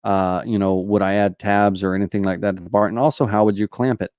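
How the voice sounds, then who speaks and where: A man with a Southern US drawl answers viewer questions in a relaxed live tutorial, stopping often on "uh" and "you know". His voice sits fairly low and sounds smooth and clear. The recording is dry, with little room sound. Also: fast, no room sound, muffled recording. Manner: casual, many fillers like "uh" and "you know".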